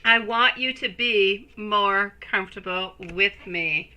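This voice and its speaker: A woman hosting a live tarot reading stream, speaking slowly and affectionately to her viewers. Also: medium pitch, bright, forceful tone, smooth, poor audio. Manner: slow, soothing, affectionate toward viewers.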